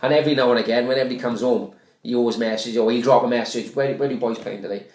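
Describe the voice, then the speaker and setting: A man's voice: mid-range voice, very fast, darkish tone, echoey room. A Welsh man co-hosting a podcast, telling rambling stories in casual banter and swearing freely. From Wales. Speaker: podcast co-host.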